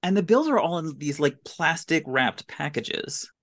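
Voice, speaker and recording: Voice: mid-range voice, lively intonation, a little slow, a bit bright. Podcast host, mid-range voice: sarcastic, baffled play-by-play of a bad movie. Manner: incredulous, sarcastic running commentary. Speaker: podcast host recapping a film. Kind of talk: casual comedic movie recap.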